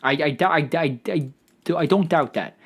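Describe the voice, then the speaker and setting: Guy rambling solo on his podcast, kinda high voice, swears a lot, trips over his words. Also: normal speed, husky. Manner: profane, stammering, riffing on ideas aloud. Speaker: podcast host.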